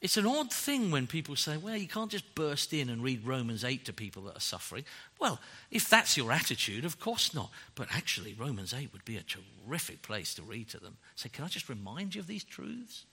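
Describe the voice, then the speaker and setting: A man preaching a sermon, emphatic and animated, often tagging rhetorical questions onto his points. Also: mid-range voice, fairly quick, husky. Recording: long hall reverb.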